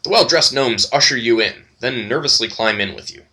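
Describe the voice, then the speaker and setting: A man's voice: mid-range voice, expressive, brisk, bright, forceful tone, husky. A man hosting a let's play, reading the game's text aloud and adding wry, playful asides. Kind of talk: game narration and commentary.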